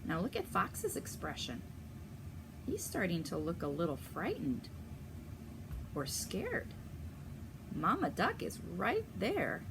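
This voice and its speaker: A woman reading a picture book aloud to children, gently asking the listener questions as she goes. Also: on the low side, wildly swooping pitch, slow pace, pauses often, noisy background. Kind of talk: storybook read-aloud.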